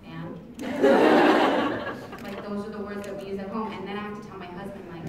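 A woman's voice: medium pitch, expressive, normal speed, long pauses. A woman guest on a convention panel, chatting casually in a giggly, hesitant way. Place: large convention hall. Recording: echoey convention hall from far off, loud crowd and noise.

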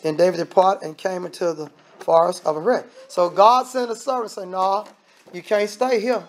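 A man's voice: high-pitched, steady tone, moderate pace. A man preaching a sermon in a conversational, emphatic way, repeating phrases and adding asides to the congregation.

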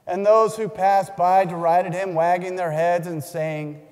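A man reading the Gospel aloud during a church service, in a solemn, measured way with a few small restarts. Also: high-pitched, steady tone, darkish tone, clear, resonant tone. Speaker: scripture reader. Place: large church. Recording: long church reverb.

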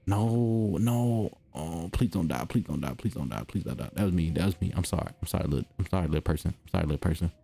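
Young guy playing a game, deep voice swinging all over, slangy and excitable, goes hushed when it's quiet. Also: fast talker, creaky, few pauses, slightly rough. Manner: excitable, slangy, talks to himself; drops to a hush when the game gets quiet. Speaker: gaming video host. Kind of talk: let's-play commentary.

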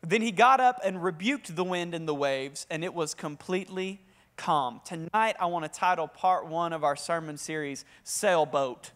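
A young man with a Southern US accent preaching a sermon, talkative and energetic and calling for responses from the congregation. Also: fairly high pitch, moderate pace. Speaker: pastor.

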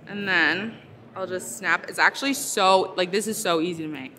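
A woman's voice: fairly low pitch, moderate pace, sharp tone, a little hiss or hum. A woman chatting casually on a live stream while she makes something, talking in her real voice with lots of fillers like "like" and "so". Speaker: ASMR creator. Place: busy convention hall.

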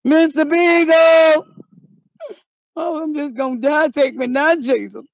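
Woman vlogger, very high gravelly voice, dramatic and loud, dull lo-fi sound outdoors. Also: normal speed. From North Carolina, US. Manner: excitable and dramatic, frequent shouts and slang. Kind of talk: casual vlog. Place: outdoors in cold weather.

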